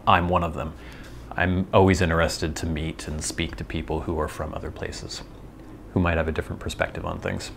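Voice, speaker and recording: Deep-voiced man rambling. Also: level tone, a little fast, vocal fry, a bit bright, a little hiss or hum. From United States. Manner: rambling, thinks aloud, self-deprecating asides. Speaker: vlog host. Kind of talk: casual rambling monologue.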